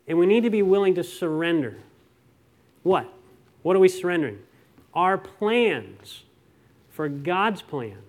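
A middle-aged pastor preaching a conversational sermon, telling stories and asking rhetorical questions. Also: male voice, high voice.

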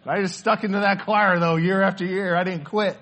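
A man's voice: high voice, fairly even intonation, fairly quick, fairly bright tone. A man preaching a sermon in church, earnest and storytelling, often restarting his words. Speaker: pastor.

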